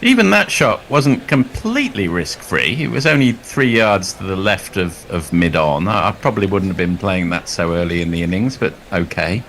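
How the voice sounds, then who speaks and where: A man's voice: sits low, expressive, moderate pace, hardly any pauses, fairly bright tone, slight background noise. A man offering casual, musing cricket commentary and chatty asides.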